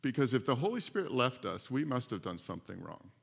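A man preaching a sermon as pastor, animated and repeating his phrases, with frequent laughs. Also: medium pitch, a little fast, creaky, breathy edge. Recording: long hall reverb.

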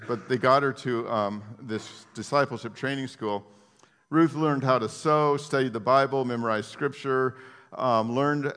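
A man, a pastor, preaching a sermon in a conversational, animated way, with many fillers and restarts. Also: medium pitch, in a large hall.

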